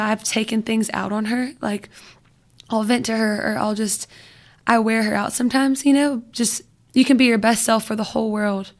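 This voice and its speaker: Chatty young woman, high and level voice. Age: young adult. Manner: chatty, fills speech with "like" and "you know". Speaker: podcast guest. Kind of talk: casual podcast conversation.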